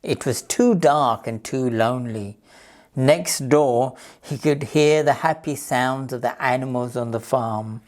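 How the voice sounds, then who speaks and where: A woman reading a picture book aloud to children as a library storyteller, in a slow, gentle, clear manner. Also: a bass voice.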